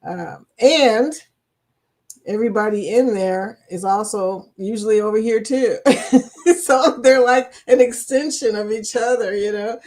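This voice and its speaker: This livestream host, a woman from Kentucky with the accent to match, greets her viewers in a casual chat. Her voice sits a touch high with a darkish tone, and she speaks a little slowly, teasing and chatty, laughing often.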